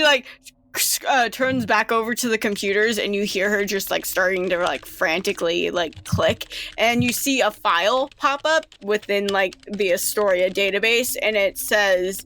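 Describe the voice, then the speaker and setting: Slow, laughing woman game master. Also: medium pitch, fairly bright tone. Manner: laughing, filler-heavy storytelling. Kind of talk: narrating a tabletop game.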